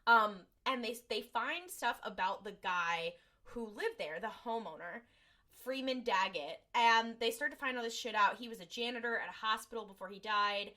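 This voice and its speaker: A woman's voice: fairly high pitch, pushed and bright. A woman co-hosting a podcast, casually retelling an episode with lots of filler words and acted-out lines. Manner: rambling, lots of "like" and "um", acts out lines. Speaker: podcast co-host. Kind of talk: casual recap chat.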